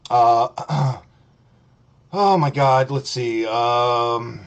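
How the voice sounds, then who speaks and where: A man's voice: medium pitch, extremely slow, clear, resonant tone. A man hosting a stream, ranting in blunt, profane, mocking commentary. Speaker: streamer host.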